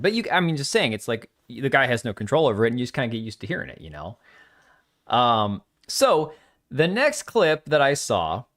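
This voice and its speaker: A man's voice: mid-range voice, a bit bright. A man hosting a live stream, giving blunt, rambling, mocking commentary into a desk microphone. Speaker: streamer host.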